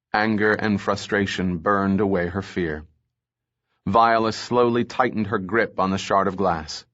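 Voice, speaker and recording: A male audiobook narrator with a low, unhurried delivery, reading steadily. The recording is dull and lo-fi. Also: steady tone, fairly bright tone. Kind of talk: scripted narration.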